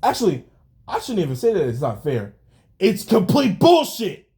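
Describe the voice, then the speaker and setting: A young man venting angrily on a vlog, yelling and swearing about his job. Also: sits high, huge pitch swings, moderate pace. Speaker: vlogger. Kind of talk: angry rant vlog.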